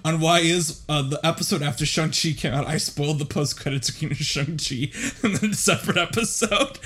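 A man co-hosting a casual film podcast, animated and laughing often with quick asides. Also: on the high side, husky. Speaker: podcast co-host. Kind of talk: casual chat.

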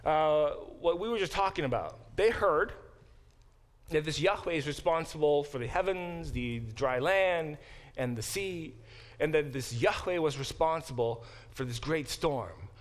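Animated male Bible professor lecturing. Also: fairly high pitch, measured pace. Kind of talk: classroom lecture. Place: classroom.

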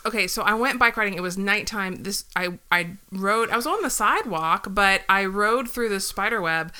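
A woman in her thirties telling stories in a casual chat, animated and laughing, acting out her own squeals. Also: mid-range voice, moderate pace, smooth.

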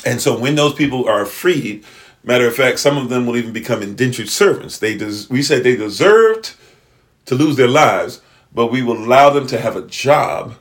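A man's voice: medium pitch, lively intonation, moderate pace. A man giving a lecturing livestream talk, repeating "right?" and restarting his sentences, now and then addressing viewers and a partner off-mic. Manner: repetitive, rhetorical "right?" checks, stammering restarts; talks to live chat and a partner off-mic. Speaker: livestream host.

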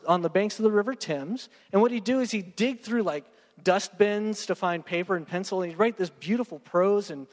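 High-voiced preacher, joking with the crowd. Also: male voice, in a large hall. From Texas. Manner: casual, joking, talks straight to the congregation. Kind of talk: sermon. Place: church sanctuary.

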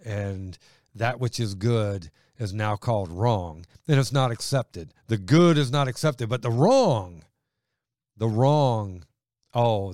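A man preaching a sermon with fervent emphasis, his delivery rising loud and dropping quiet. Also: mid-range voice, no room sound, studio quality.

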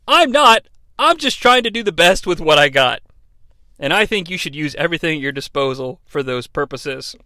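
A male podcast host gives a sarcastic, profane recap with a high, lively voice that swings up and down a lot. His tone is bright and forward. The sound is dry and close to the mic. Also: no echo. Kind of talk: comedic wrestling recap.

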